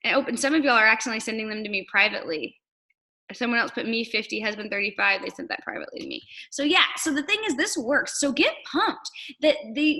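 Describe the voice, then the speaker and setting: A woman leading a motivational team call over video, energetic and rallying, firing off rhetorical questions. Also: fairly high pitch. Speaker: network marketing leader.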